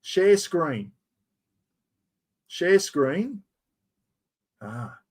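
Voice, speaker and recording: A man's voice: on the high side, big pitch swings, extremely slow. An Australian man hosting a live stream, chatting casually and joking at himself while fumbling with the computer. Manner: chatty, self-mocking, talks to viewers while fumbling with software. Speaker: livestream host.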